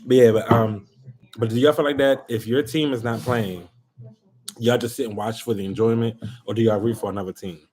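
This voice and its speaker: A man's voice: medium pitch, brisk. Man ranting on a live stream. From Baltimore, USA. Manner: animated, exasperated ranting to viewers. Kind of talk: casual live-stream chat.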